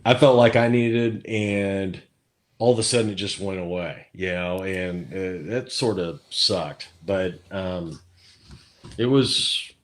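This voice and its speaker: A man's voice: deep voice, takes it slowly. A man chatting as an interview guest, rambling with many fillers and restarts. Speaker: guest musician. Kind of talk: casual interview chat.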